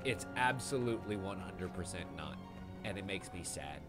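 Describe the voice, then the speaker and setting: A man commentating a live game stream, excitable and gushing, with frequent swearing. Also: sits low, moderate pace. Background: game music.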